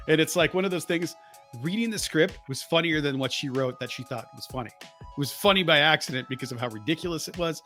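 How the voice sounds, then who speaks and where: A man's voice: on the high side, fast, sharp tone, soft background music. A man in his thirties co-hosting a podcast, telling rambling stories and correcting himself as he goes. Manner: rambling storyteller, self-correcting. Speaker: podcast co-host. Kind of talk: casual chat.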